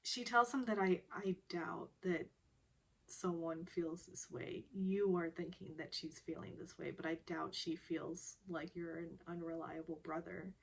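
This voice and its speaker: With a gravelly, low-leaning voice, steady in tone and a little slow, a young woman chats casually through a recap of a television drama episode. She laughs a lot and acts out what the characters say.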